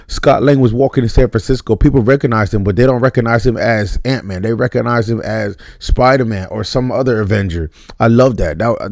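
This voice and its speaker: A man giving a casual spoken movie review, blunt and animated, with mock voices and some cursing. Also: medium pitch, vocal fry, dry recording, clean studio sound.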